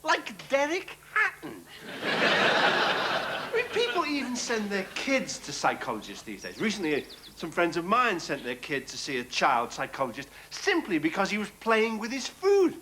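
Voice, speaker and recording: A man's voice: high voice, wildly swooping pitch, normal speed. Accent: Liverpool. Man ranting a stand-up routine. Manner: ranting, sardonic, shouting bursts. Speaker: stand-up comedian host. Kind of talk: stand-up comedy monologue. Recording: loud studio audience and noise.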